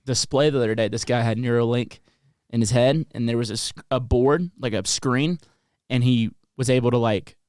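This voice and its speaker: A man's voice: mid-range voice, normal speed, darkish tone, clean tone, no echo, clean studio sound. A man hosting a podcast, talking casually and slangily, calling his guest dude and bro. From United States. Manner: laid-back slangy, says dude and bro. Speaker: podcast host.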